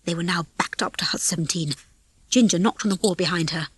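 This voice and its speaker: A woman reading a children's storybook aloud as narrator, in a lively, expressive way on a close mic. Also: on the low side, brisk, breathy edge, no echo. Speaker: audiobook reader. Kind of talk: scripted narration.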